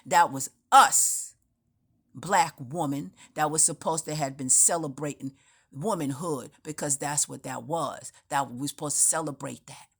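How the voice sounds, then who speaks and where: A spiritual speaker with a deep, husky, fairly bright voice talks at a measured pace. Unscripted, she tells her story in a meandering, emphatic monologue full of restarts.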